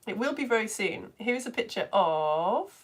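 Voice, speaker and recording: Lady reading out comments on her live science stream, bouncy animated voice, a bit high. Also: moderate pace. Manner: chatty and effusive, reads comments aloud. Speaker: online science educator reading viewer comments. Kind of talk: casual live-stream chat.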